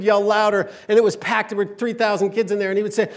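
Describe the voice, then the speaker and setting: A man in his late forties from Michigan giving a humorous, storytelling inspirational talk to a live church audience, building to loud emphatic peaks. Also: high voice, fast, hardly any pauses. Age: 40s. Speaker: speaker at a church conference.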